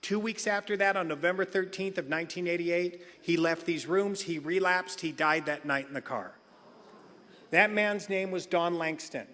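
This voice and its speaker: Middle-aged man, comic recovery share, bright forceful voice, big hall reverb. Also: high voice, normal speed. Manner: animated comic storyteller, acts out quotes. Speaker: recovery meeting speaker.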